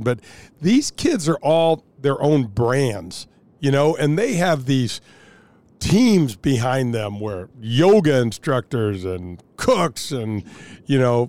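A man's voice: medium pitch, darkish tone. Easygoing older male co-host. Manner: easygoing, chuckling. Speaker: podcast co-host. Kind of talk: casual chat.

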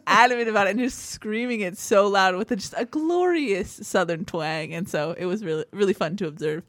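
A woman co-hosting a sports podcast, telling sideline stories in an animated way and acting out what players said. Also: medium pitch, brisk, few pauses, no echo, studio quality. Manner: animated storytelling, acts out quotes. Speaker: sports reporter and podcast co-host. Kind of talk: casual sports chat.

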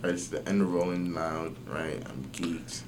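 A young man telling a story in casual podcast chat, slangy and animated, swearing often and using lots of fillers. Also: low-pitched, moderate pace. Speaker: podcast guest.

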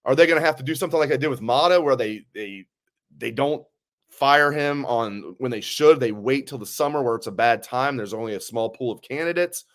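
A man's voice: mid-range voice, a little fast, a bit bright. A man hosting a sports podcast in a chatty way, laying out arguments and asking his co-host questions. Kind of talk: casual sports talk.

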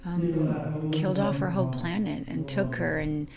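A woman's voice: lowish voice, steady tone, unhurried, vocal fry, a loud crowd. A woman interviewed on a film set, chatting casually, giggly and hesitant with many restarts.

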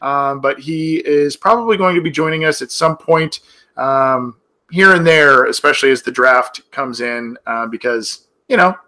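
A man's voice: mid-range voice, moderate pace, sharp tone. A man hosting a sports podcast, talking casually with many fillers and restarts. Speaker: podcast host.

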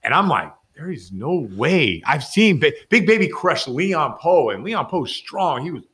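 A man, a former player and podcast guest, telling a rambling, animated anecdote full of "like" fillers and acted-out quotes. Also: a little high, a little slow. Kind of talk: animated storytelling.

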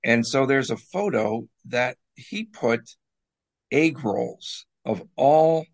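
Guy with a gravelly voice on a hockey talk show, joking around, cracks himself up. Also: mid-range voice, expressive, slow. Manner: jokey, laughs at his own bits. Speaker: sports talk co-host.

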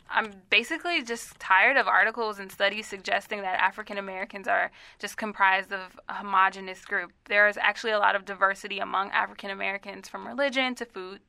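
A woman's voice: mid-range voice, gravelly, sharp tone, dry recording. A woman reading out her own comment, firm and opinionated. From South Side of Chicago.

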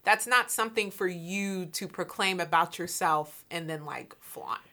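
A woman's voice: lowish voice, unhurried, bright, forceful tone. An American woman in a casual chat, blunt and outspoken, swearing freely. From United States.

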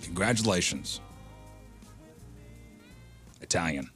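Lively-voiced male radio host. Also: sits low, takes it slowly, faint music behind. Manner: reads poll results aloud, laughs often. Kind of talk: morning radio banter.

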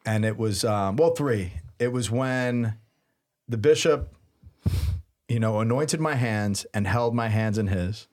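A man in his thirties, a priest and podcast co-host, telling a story in a lively, laughing way. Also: lowish voice, slow. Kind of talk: casual storytelling chat.

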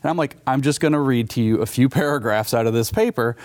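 A man speaking as an author and interview guest, arguing his points emphatically at a mid pitch. He slows right down on key phrases, and the recording is dry and close. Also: a little mellow, no room sound.

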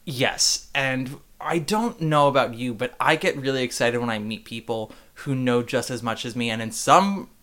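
A man's voice: mid-range voice, normal speed, hardly any pauses, fairly bright tone. A man hosting a theatre podcast in a playful, theatrical and opinionated manner. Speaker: podcast host. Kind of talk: casual podcast chat.

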